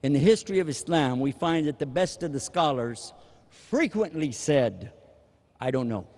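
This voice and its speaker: A man delivers a sermon with an animated, humorous manner and often slips into acted-out exchanges. His voice sits fairly high for a man. Long reverb from a hall hangs on every phrase. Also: normal speed. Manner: animated, humorous, acts out dialogue. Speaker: preacher.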